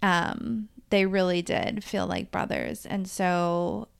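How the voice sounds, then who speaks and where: A woman's voice: lowish voice, fairly even intonation, creaky, smooth. A woman in her forties from the Dallas-Fort Worth area, a life coach talking through her year on her own podcast in a candid, chatty way with casual swearing. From Dallas-Fort Worth, Texas. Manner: chatty, candid, swearing freely, quickening and slowing as she tells a story. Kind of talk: casual solo podcast monologue.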